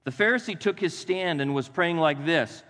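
A man preaching a sermon as pastor, animated and acting out the voices of Bible figures for his congregation. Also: fairly high pitch, normal speed. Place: church sanctuary. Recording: long hall reverb.

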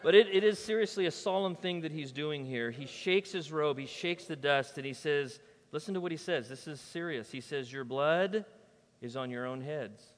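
A man preaching a sermon as pastor, emphatic and conversational, swinging between loud declarations and soft, quiet asides. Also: a little high, normal speed, hardly any pauses, long reverb tail. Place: church.

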